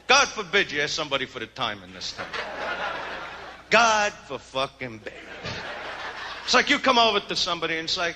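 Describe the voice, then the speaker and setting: A man doing a stand-up comedy routine, with a brash, swaggering and crude delivery and shouted punchlines. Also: fairly high pitch, big pitch swings, normal speed, pauses often. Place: comedy stage before a live audience. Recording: live club show with loud crowd laughter. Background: crowd laughing and noise.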